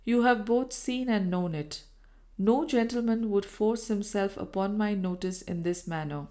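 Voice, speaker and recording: A woman's voice: medium pitch, a little slow, warm tone, natural voice. Woman reading a reproachful, troubled Victorian lady in a period audiobook. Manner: cold, reproachful.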